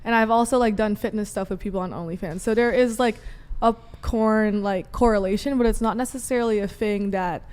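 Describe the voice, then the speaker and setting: A woman's voice: medium pitch, brisk, a little mellow, smooth. A woman guest on a talk stream, rambling casually and filling with "like" a lot. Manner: rambling, heavy use of "like". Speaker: guest, content creator. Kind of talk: casual panel chat.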